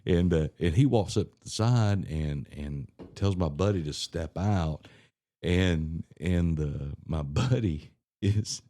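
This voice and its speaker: A man telling a story in casual podcast chat, rambling and halting, with many fillers and restarts. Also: low voice, dark tone. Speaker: podcast co-host.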